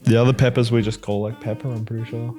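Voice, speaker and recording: A man's voice: mid-range voice, flat delivery, fast, mellow, faint music behind. A young man with an Australian accent, a student guest chatting casually and teasing the host. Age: young adult. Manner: laid-back, teasing. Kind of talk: casual chat.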